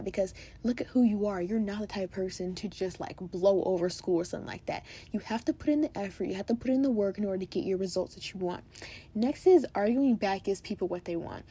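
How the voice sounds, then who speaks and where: A teenage girl hosts her own podcast and talks straight to her listeners, chatty and emphatic. Her voice is soft and mellow, with a slightly husky edge. She fills her advice with "like" and "you guys". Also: medium pitch. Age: teens. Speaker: podcast host. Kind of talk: casual advice chat.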